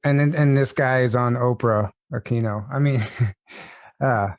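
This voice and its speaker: A man's voice: medium pitch, measured pace, no room sound. A man hosting a casual chat, agreeable and thinking aloud with loose fillers.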